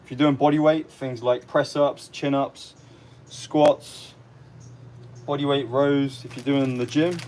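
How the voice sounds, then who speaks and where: A man hosting a casual livestream, a fitness trainer answering viewers' questions in relaxed short lists. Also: medium pitch, moderate pace, few pauses, slight background noise.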